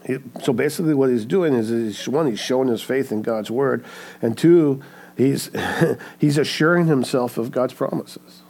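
Guy preaching a sermon, earnest, keeps asking right?, mid pitch. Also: moderate pace, darkish tone. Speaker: pastor.

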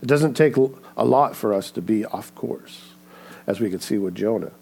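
A man's voice: lowish voice, expressive, normal speed, gravelly, darkish tone, husky. A man preaching a sermon in an earnest way, often checking in with "right?". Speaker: pastor.

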